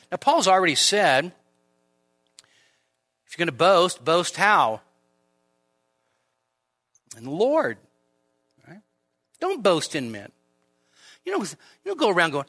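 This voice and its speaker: A male pastor preaching in a bright, high voice that climbs and dips constantly. He explains his text in a chatty, animated way and keeps checking in with rhetorical questions. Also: takes it slowly, pauses often. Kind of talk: sermon. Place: church midweek service.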